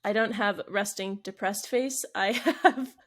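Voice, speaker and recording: A woman's voice: mid-range voice, measured pace. A woman co-hosting a casual podcast, giggly and self-deprecating. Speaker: podcast co-host. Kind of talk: casual chat.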